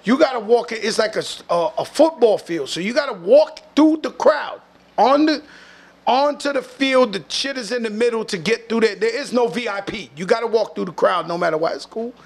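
A man with a New York accent tells a story as a talk-show guest. His voice sits high for a man and has a gravelly rasp. His delivery is animated and slangy, with loose profanity. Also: brisk. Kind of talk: casual storytelling.

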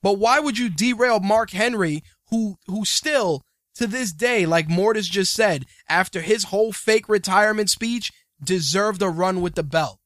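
A man's voice: sits high, measured pace, a bit bright, no echo, clean studio sound. A man hosting a podcast, ranting in profane casual banter. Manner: ranting, swearing, mocking. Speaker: podcast host.

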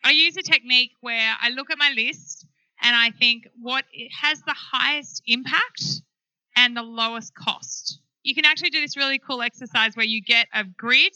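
Frank, lively woman founder on a panel; slightly high, dry close-miked voice. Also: dry recording, rough recording. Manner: animated, frank storyteller. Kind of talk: live panel discussion.

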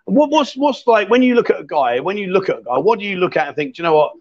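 A man's voice: sits high, sing-song, fast talker, a little mellow. A man hosting a casual live-stream chat, teasing his guest and reading out viewer comments. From England. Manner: teasing, jokey, reads out comments. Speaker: host. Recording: dull lo-fi stream audio.

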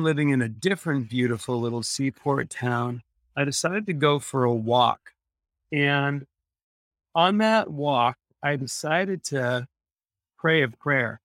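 A man's voice: medium pitch, a bit bright, no room sound, studio quality. A man, a podcast guest, telling a personal story in an earnest way and repeating phrases for emphasis.

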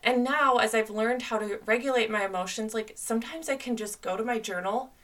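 A woman's voice: fairly high pitch, fairly quick, a bit bright, recorded from a distance. A young woman hosting a podcast, talking through relationship advice in an earnest, conversational way with lots of "like"s. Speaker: podcast host. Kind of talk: solo podcast advice talk.

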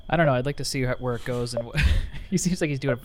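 A man chiming in on an improvised comedy scene with an easy, chuckling delivery. His voice sits at an everyday mid pitch. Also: fast, noisy background.

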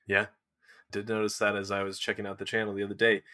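A man's voice: fairly low pitch, monotone, fast talker, sharp tone, no room sound, clean studio sound. A man hosting a casual interview, enthusiastic and encouraging toward his guest. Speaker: interview host.

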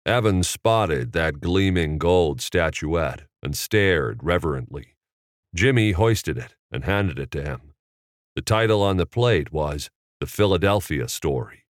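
Man, audiobook narration, deep voice, lively intonation, dry close recording. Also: unhurried, dry recording. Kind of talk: scripted narration.

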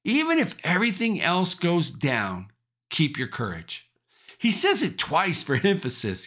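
A man preaching a sermon, emphatic and animated, repeating rallying phrases with the odd chuckle. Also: high voice, a little slow. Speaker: pastor.

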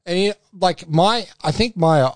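A man's voice: high-pitched, slow pace, dry recording. An Australian man co-hosting a podcast in a rambling, casual chat full of restarts and swearing. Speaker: podcast co-host.

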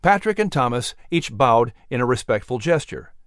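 A man reading scripted story narration in an expressive, lively way. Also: medium pitch, normal speed, clear, resonant tone, no room sound, studio quality.

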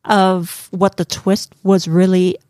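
A woman's voice: on the low side, flat delivery, takes it slowly, darkish tone, dry recording, studio quality. A woman co-hosting a casual film review podcast, emotional and giggly, with many fillers. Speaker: podcast co-host.

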